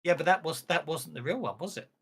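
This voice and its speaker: Game master, halting narration, middle pitch. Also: very animated, creaky, breathy edge. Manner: rambling, halting, with laughs.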